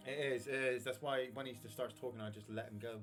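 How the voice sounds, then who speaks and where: Brief: male streamer, mid-pitched, talkative, jokey, music playing underneath. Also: steady tone, fast talker, fairly bright tone. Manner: chatty, rambling, jokey while gaming. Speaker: streamer playing a retro console game. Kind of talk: casual live-stream chat.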